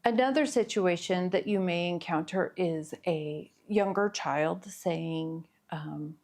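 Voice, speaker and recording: A middle-aged woman therapist giving an earnest, explanatory talk on parenting, with pauses and fillers. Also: sits low, a little mellow. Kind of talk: educational talk to camera.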